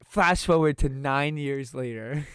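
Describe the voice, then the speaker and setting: Streamer in their twenties spinning a funny anecdote, animated and laughing, dry close sound. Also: medium pitch, takes it slowly, clear, resonant tone, no room sound. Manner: animated, laughing often, acting out quotes. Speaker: streamer telling a story. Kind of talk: casual storytelling chat.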